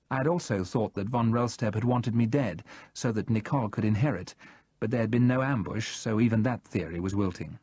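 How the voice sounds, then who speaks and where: A man narrating a first-person thriller audiobook in a steady, measured way, read close to the mic. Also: lowish voice, slightly rough, no room sound.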